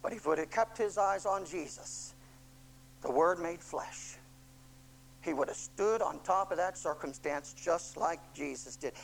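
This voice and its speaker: A preacher delivering a sermon with emphatic repetition and rhetorical questions, moving from hushed tones up to loud shouting. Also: mid-range voice, a little slow, a little hiss or hum, rough recording. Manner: impassioned, swings from hushed to shouting.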